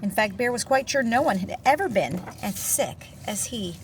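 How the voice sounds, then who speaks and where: A woman reading a picture book aloud to a child, expressive and gentle, pausing to chat about the pictures. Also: fairly high pitch. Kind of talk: storybook read-aloud with asides. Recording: distant mic, faint room noise.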